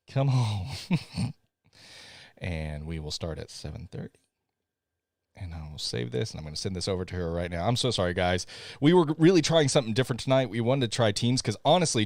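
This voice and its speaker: A man with a low voice and a Southern accent hosts a casual live podcast stream, chatty and apologetic as he sorts out technical issues, laughing often. The recording is studio quality with no echo.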